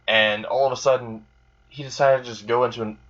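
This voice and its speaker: A man's voice: medium pitch, steady tone, fairly quick, fairly bright tone, muffled recording. A man casually narrating an improvised fan story, rambling and filling gaps with "like" and "you know".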